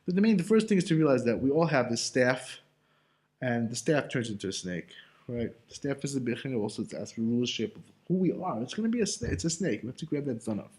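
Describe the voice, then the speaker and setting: A fast-talking man with an animated, mid-range voice and darkish tone teaches Torah informally. He keeps a loose, chatty manner full of casual fillers and rhetorical questions aimed at himself.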